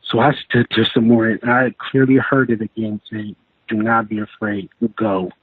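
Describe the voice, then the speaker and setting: A man's voice: mid-range voice, breathy edge, no echo. Man telling a story over a tinny phone line. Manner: rambling, halting, many restarts and fillers. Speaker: guest telling his encounter. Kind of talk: casual storytelling interview.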